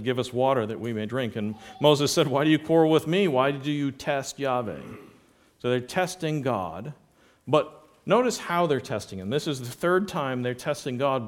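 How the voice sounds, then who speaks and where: Guy preaching a bible sermon, reads verses then explains, gets louder to drive points home. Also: mid-range voice. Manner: expository preaching, reads scripture aloud, swells in emphasis.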